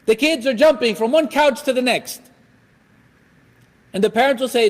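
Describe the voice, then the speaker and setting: A man giving a religious lecture in an animated way, acting out everyday scenes. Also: very high voice, normal speed. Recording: echoey hall.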